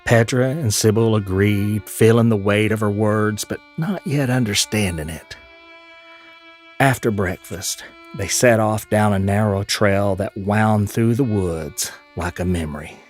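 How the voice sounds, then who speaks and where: Male narrator for audio drama, lower voice, measured delivery, faint music underneath.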